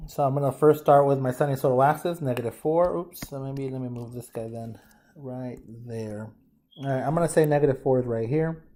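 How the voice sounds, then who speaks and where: A man's voice: mid-range voice, a little fast, dark tone, a little hiss or hum. A man teaching a math lesson, thinking aloud casually as he works problems and addresses the class as guys. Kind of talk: informal lesson walkthrough.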